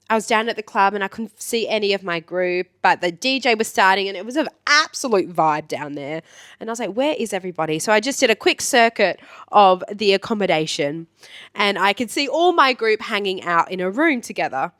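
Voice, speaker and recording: Podcast co-host, woman, lively storyteller who jumps into voices; dry close sound. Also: medium pitch, normal speed, dry recording. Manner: animated, acts out voices in her stories. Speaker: podcast co-host, trip manager. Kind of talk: casual storytelling chat.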